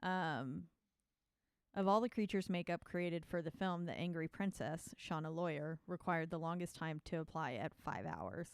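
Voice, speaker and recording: A woman's voice: low voice, lively intonation, moderate pace, vocal fry, smooth, no echo. A woman co-hosting a casual podcast, chatting and laughing often and reading trivia aloud. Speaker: podcast co-host. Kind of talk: casual chat.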